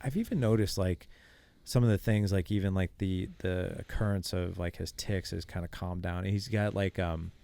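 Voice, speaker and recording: A man's voice: sits low, moderate pace, gravelly. A middle-aged man, a podcast guest, telling a story casually and acting out the dialogue. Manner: animated, acts out quoted dialogue.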